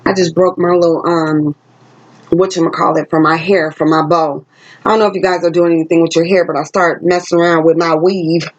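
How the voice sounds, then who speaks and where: A tarot reader gives a casual, chatty spiritual reading, speaking emphatically to a camera she set up herself and singing snippets of songs. Her voice is on the low side with fairly even intonation, brisk, and the sound is lo-fi.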